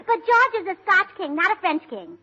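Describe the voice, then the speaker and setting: Woman, 1940s radio comedienne, high-pitched and excitable, dull hissy transcription. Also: a little fast. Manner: scatterbrained, bubbly and excitable. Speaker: comedy show co-host. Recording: muffled old radio transcription with hiss.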